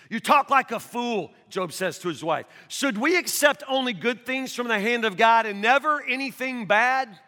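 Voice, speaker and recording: A male pastor preaching an earnest sermon, repeating words as he presses his points and rising toward a shout. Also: very high-pitched, animated, normal speed, few pauses. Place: church hall. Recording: long hall reverb.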